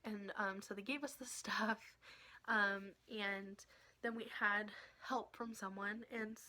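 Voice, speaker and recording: A young woman telling an excited story in a casual vlog, laughing often and dropping into whispers. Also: mid-range voice, slow pace. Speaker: vlogger.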